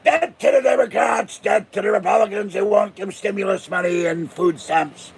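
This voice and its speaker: A man playing a rowdy male pirate rabble-rouser who shouts rallying cries and growls. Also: high voice, moderate pace, gravelly, slightly rough, voice pushed up, exaggerated voice. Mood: rowdy shouting.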